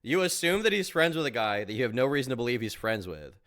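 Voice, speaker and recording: Animated mocking man reacting to clips. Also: mid-range voice, fast talker, no echo, studio quality. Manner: mocking, incredulous, profane, with bursts of laughter. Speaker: streamer reacting to videos. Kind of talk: reaction commentary.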